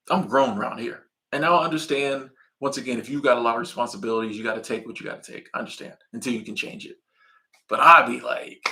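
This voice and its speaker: Laid-back man with a bright, slangy voice. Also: medium pitch, lively intonation, fast talker. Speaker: channel host reading viewer comments. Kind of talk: casual live-stream chat.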